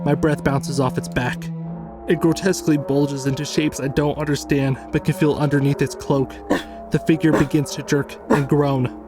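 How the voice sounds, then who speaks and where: A man reading a first-person horror story as scripted narration, measured and tense. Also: a little high, little pitch movement, music in the background.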